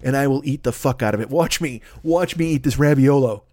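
A man hosting a comedy podcast, riffing in an excitable, profane, absurdist monologue. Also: medium pitch, fairly quick, no echo, studio quality. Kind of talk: rambling improvised comic monologue.

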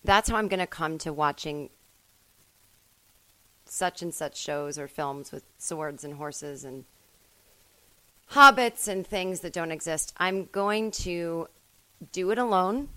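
A woman hosting a solo comedy podcast from home, rambling and self-mocking, with sudden loud bursts. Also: low-pitched, slow, pauses often, no echo, low-quality recording. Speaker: podcast host.

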